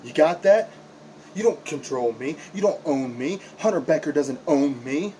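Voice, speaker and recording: A man with a drawl delivers a heated wrestling promo in a voice pitched a bit high. He talks in a confrontational way and hammers his points home by repeating them. A faint hum sits behind him. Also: animated, normal speed, dark tone, rough recording. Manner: impassioned, repetitive, confrontational. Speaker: backyard wrestler.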